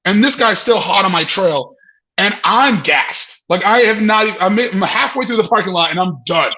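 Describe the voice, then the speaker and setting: A man guest on a comedy podcast, telling a story with sweary, animated storytelling, laughing as he goes. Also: high-pitched, normal speed, rough recording. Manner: swearing, laughing mid-story, acting out voices.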